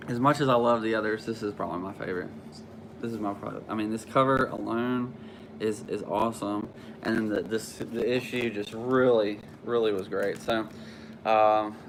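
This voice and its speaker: Rambling man reviewing comics, faint hiss. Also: fairly low pitch. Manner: rambling, many fillers and restarts. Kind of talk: casual spoken review.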